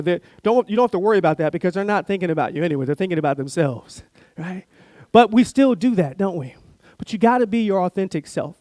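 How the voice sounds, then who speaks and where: A man giving a sermon, an animated, playful storyteller who talks directly to the congregation. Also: high voice, dry recording, studio quality. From Florida. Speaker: guest speaker. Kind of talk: sermon with a told joke.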